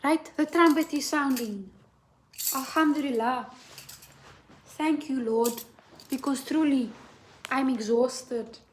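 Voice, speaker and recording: A woman's voice: high voice, takes it slowly, pauses often, a little hiss or hum. A woman giving a tarot reading as a blunt, profane, impassioned rant, asking "right?" again and again. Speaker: tarot reader.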